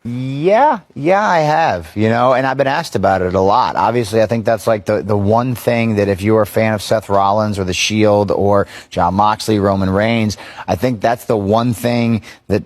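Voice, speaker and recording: A man talking casually in an interview, animated and emphatic. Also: fairly low pitch, normal speed, no room sound. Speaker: interviewed wrestler and storyteller.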